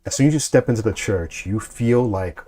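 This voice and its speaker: A man narrating as game master, describing scenes with a halting, filler-heavy delivery. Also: on the low side, lively intonation, dark tone. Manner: hesitant, many fillers.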